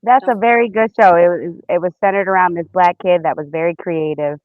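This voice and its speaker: A panel guest in a casual chat, making relaxed, jokey asides. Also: medium pitch, a little fast, no echo. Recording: dull dry sound.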